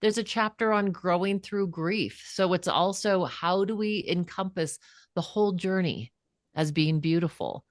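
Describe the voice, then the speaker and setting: A woman's voice: lowish voice, measured pace, no echo, studio quality. A woman guest and author in an interview, telling a personal story earnestly and with animation. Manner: earnest, animated, acts out quoted voices.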